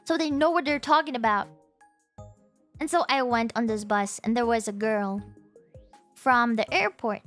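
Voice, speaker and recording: A young woman streamer telling a story casually, animated and exclaiming as she acts out her own reactions. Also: fairly high pitch, normal speed, pauses often, faint music behind.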